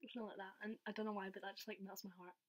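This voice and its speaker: A woman's voice: mid-range voice, level tone, racing. A young woman vlogger telling a story in casual chat, giggly and saying "like" a lot. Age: young adult. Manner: chatty, giggly, says "like" a lot.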